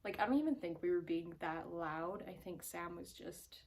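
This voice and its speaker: A young woman with a slightly low voice tells a story at home in a loose, rambling way. Her sentences are full of "like" and "um", and she sometimes drops to a whisper. She speaks straight into a camera aimed at her face. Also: normal speed, vocal fry, a little mellow, a little hiss or hum. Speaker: vlogger. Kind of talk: casual storytime.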